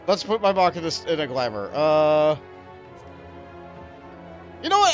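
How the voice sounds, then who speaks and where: Animated, laughing male game streamer. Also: fairly high pitch, unhurried, lo-fi sound, soft background music. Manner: animated, laughs often, self-mocking. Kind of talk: casual gameplay commentary.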